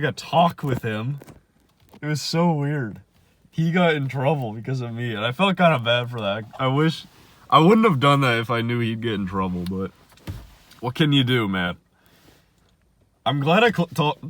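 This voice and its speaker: A young man casually telling a story on his vlog, animated and swinging between loud bursts and muttered asides. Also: medium pitch.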